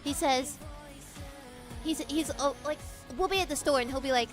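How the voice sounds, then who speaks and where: Giggly high-voiced woman streamer. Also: moderate pace, pauses often, faint music behind. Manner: giggly, rambling, playful. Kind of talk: casual chat with stream chat.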